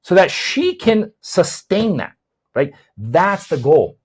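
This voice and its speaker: A man's voice: high voice, big pitch swings, slow pace, husky. A man, a chiropractor hosting a podcast, explains weight loss in a conversational way, often repeating words as he thinks and checking in with "right?".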